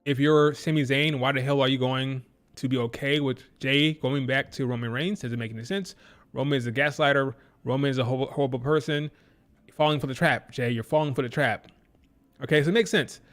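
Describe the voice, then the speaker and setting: A man giving a casual live-stream review, animated and opinionated, who repeats his points for emphasis. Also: mid-range voice, a little fast. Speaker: wrestling show reviewer.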